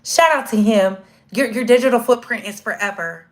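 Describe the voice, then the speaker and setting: A woman giving casual live-stream commentary, slangy and animated, acting out quoted voices as she goes. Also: fairly high pitch, moderate pace.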